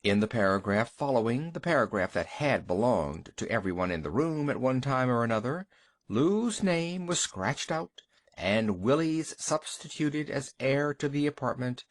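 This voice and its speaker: A man narrating a short story for an audiobook in an expressive storytelling manner. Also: medium pitch, normal speed.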